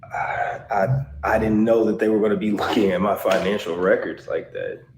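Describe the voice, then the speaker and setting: A man's voice: on the low side, fairly even intonation, moderate pace, darkish tone, slight background noise, close to an everyday voice. A man acting as an evasive client in a skit, hesitating with many ums while talking to his divorce lawyer. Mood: hesitant. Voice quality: hesitant, full of ums and uhs. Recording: roomy echo.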